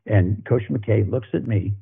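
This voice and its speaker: A man's voice: lowish voice, unhurried, gravelly, slightly rough. An older man, a former football coach, telling anecdotes in a folksy way, often repeating himself as he goes. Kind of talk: storytelling guest on a podcast. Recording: phone-like narrow sound.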